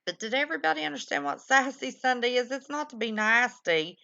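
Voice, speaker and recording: A woman's voice: on the high side, lively intonation, fairly quick, vocal fry, pushed and bright, no room sound. A woman hosting a live-stream show, chatting in a folksy, affectionate way with callers and viewers. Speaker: livestream show host. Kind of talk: casual live-stream chat. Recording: dull lo-fi stream audio.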